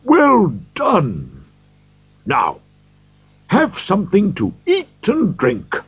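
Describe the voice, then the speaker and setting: A man voicing a jolly, fat old male merchant who calls out in booming, cheerful shouts, on a dull lo-fi recording. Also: huge pitch swings, slow, vocal fry, slightly rough, no echo, heavily acted. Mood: hearty.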